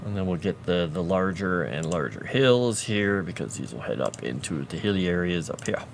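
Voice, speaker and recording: A man's voice: sits low, expressive, moderate pace, creaky, a little hiss or hum. A man casually chatting on a livestream while drawing a fantasy map, muttering to himself and cooing at his pet.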